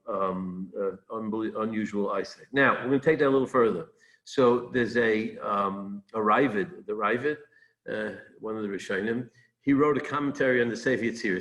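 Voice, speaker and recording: Rabbi thinking aloud through a text. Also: male voice, mid-range voice, rough recording. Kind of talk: informal Torah talk.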